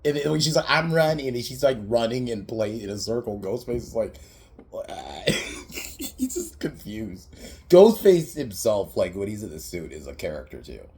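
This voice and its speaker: A man's voice: lowish voice, sing-song, measured pace, mellow, a little hiss or hum. A young man hosting a podcast, casually recapping a film in a rambling, profane way, laughing often and slipping into quoted voices. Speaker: podcast host reviewing a film.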